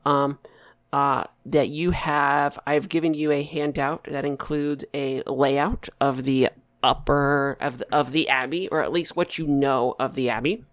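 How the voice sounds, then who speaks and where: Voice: mid-range voice, steady tone, dry recording. A game master narrating a tabletop game, often restarting sentences as the thoughts come. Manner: halting, restarts, quick asides.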